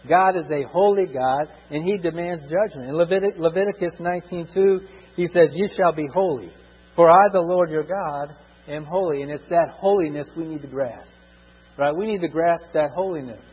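Husky preacher in an echoing hall. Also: male voice, on the high side, normal speed. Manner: emphatic, repetitive, rises and drops in volume for stress. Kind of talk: sermon. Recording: muffled with long hall reverb.

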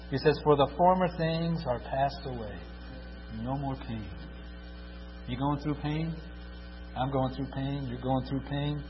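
A man's voice: a little high, muffled recording, slight background noise. Fervent preacher man in a reverberant hall. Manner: swings from loud fervent repetition to hushed tender pleading. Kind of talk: sermon.

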